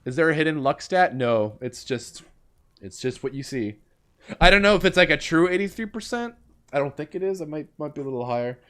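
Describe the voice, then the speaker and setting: Young male streamer, game commentary, slightly high voice, deadpan to shrieking. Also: fairly quick. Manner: animated, swings from deadpan to shrieking outbursts. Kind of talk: let's play commentary and reading game text aloud.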